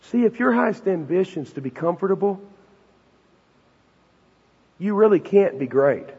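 High-voiced husky preacher man. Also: expressive, a little slow. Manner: emphatic, conversational preaching with rhetorical questions. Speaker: pastor. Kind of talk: sermon. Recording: dull, reverberant hall recording.

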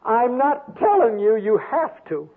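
An older man voicing a pleading little boy with a Southern US accent, praying slowly and earnestly. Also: very high voice, sing-song, slightly rough, narrow, tinny audio, pitched above the performer's own voice, exaggerated voice.

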